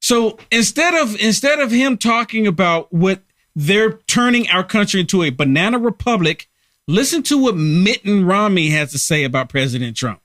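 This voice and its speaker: Speaking at a normal speed, this livestream host has a high, expressive, fairly bright voice. He drives home his political commentary with emphasis and repetition to fire up the audience, in dry, studio-quality audio.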